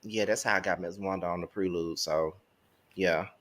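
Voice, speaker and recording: A man co-hosting a casual celebrity gossip chat, talking with animated swings between loud and soft. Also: deep voice, moderate pace, a crowd in the background. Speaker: co-host.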